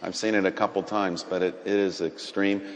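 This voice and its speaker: Animated man telling a story in a hall. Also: deep voice, brisk. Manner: animated storyteller, acts out quotes, laughs often. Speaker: doctor and guest. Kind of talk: testimony story on a Christian talk show.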